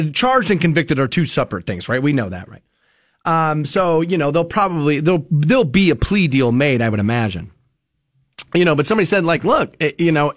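A man hosting a radio show, telling a story casually and acting out quotes in loud bursts. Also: a little high.

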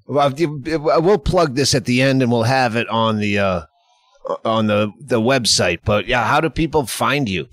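A man's voice: mid-range voice, moderate pace, a bit bright, dry recording. Crude, joking man hosting a podcast. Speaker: podcast host. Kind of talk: casual podcast chat.

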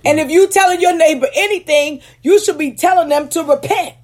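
A woman preaching a teaching sermon to ministers. She speaks emphatically, slows down to stress key words, and keeps checking in with "Okay?". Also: high voice. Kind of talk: teaching sermon with scripture readings.

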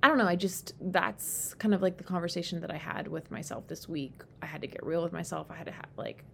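A woman hosting a solo podcast, talking candidly and rambling, swearing freely and getting animated when she quotes herself. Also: fairly quick, gravelly. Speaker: podcast host. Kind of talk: casual solo podcast monologue. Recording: faint background rumble.

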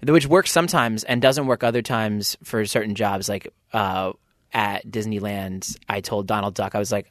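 A man's voice: fairly low pitch, moderate pace, dry recording, studio quality. A man, a band's lead singer, telling rambling anecdotes as a podcast guest and acting out the people he quotes. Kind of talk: casual interview storytelling.

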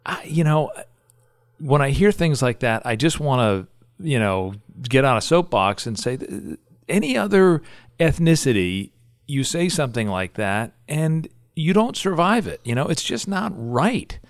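A man's voice: mid-range voice, big pitch swings, unhurried, no echo, clean studio sound. A man interviewing a guest, attentive with short backchannel replies and earnest when he gives his own view. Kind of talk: conversational interview.

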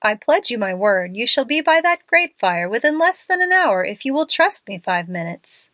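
A woman voicing a courteous young gentleman who stays calm and reassuring. His lines come out steady and polite, in a lively voice. The recording is dry and close. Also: on the high side, moderate pace, dry recording.

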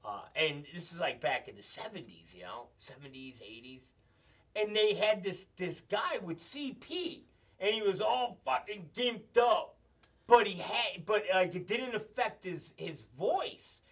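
A man's voice: high-pitched, expressive, a little slow, husky. A man hosting a show, telling crude, profane, rambling comedic stories. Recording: dull, slightly distant mic.

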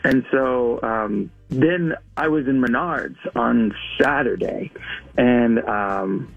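Male caller, husky and gravelly, hesitant, muffled lo-fi phone line. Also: mid-range voice, slow pace, faint music behind. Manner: hesitant, lots of ums. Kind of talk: telling a personal story on the phone.

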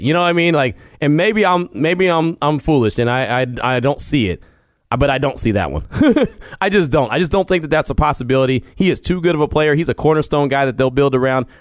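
A Texan man hosts a laid-back sports podcast from his home studio, delivering a casual monologue in a medium-pitched voice. He talks earnestly, restarts often, and laughs easily. The studio-quality recording has no room sound.

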